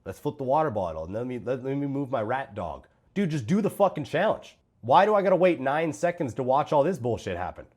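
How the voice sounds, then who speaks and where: A man's voice: mid-range voice, very animated, fairly quick, few pauses, darkish tone, husky. A man giving blunt, profane reaction commentary on other creators' fitness videos. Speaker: host reviewing fitness coaches' videos.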